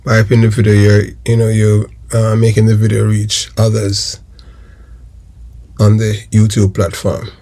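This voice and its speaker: Gravelly Jamaican man hosting his channel. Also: on the low side, monotone, measured pace, mellow. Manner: rambling, repeats phrases, many fillers. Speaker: YouTube channel host. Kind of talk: casual crime commentary.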